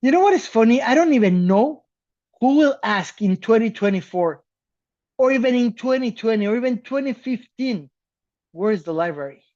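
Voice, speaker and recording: A man from South America co-hosting a podcast in casual chat, animated and laughing, swearing casually. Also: extremely high pitch, normal speed, muffled recording. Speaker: podcast co-host.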